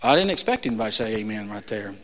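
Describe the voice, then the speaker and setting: A male pastor preaching a sermon, emphatic, swinging between loud declarations and quiet asides. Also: fairly low pitch, big pitch swings, racing, big-room sound. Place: church sanctuary.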